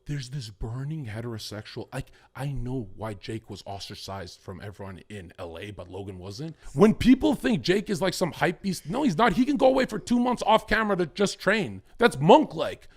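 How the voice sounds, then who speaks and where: A man's voice: medium pitch, big pitch swings, moderate pace, hardly any pauses, a little mellow, husky. A man talking as a podcast guest, rambling and swearing as he jumps from one topic to the next. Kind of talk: casual podcast chat.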